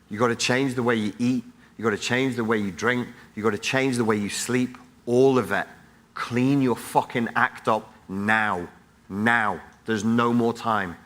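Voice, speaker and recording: A middle-aged man with a bright, forceful tone hammers his audience with a blunt, profane motivational talk from a conference stage. He is a psychologist, wired and jet-lagged, and his voice sits at an ordinary male pitch.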